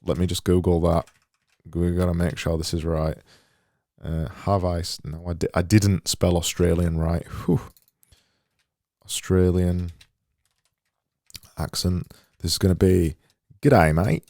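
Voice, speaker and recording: A man's voice: low voice, level tone, unhurried, long pauses, mellow, no echo. A man and graphic designer talking through his work as he goes, thinking aloud in a muttering, self-deprecating way. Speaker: graphic designer making visuals. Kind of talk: casual screen-recorded work commentary.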